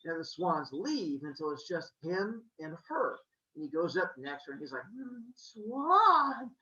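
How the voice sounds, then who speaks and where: A man hosting a podcast, telling a myth in a playful, animated way with jokey asides. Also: a little high, normal speed. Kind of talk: comic storytelling. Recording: roomy, slightly muffled.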